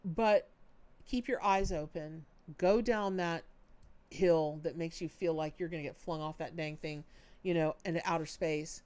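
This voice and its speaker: Lady doing tarot readings live, folksy and animated, talks like an old friend. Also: sits low, a little slow. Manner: chatty and animated, folksy and warm-hearted. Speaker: tarot reader hosting a charity livestream.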